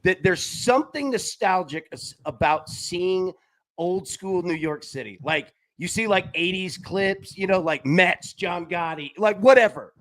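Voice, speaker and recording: A man's voice: sits high, unhurried. A man hosting a live sports betting show, rambling and laughing in casual chat. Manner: rambling, animated, laughs often.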